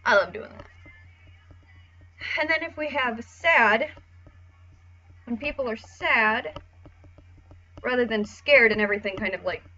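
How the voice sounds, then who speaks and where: Casual female art tutor, bright tone, slightly muffled lo-fi mic. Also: a little high, unhurried, long pauses, faint music behind. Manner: chatty, casual, swears, acts out voices.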